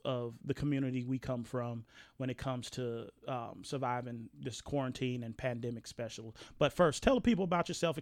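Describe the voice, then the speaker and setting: Gravelly-voiced man hosting a casual podcast. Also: mid-range voice, no room sound. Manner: animated, rambling, many restarts. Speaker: podcast host.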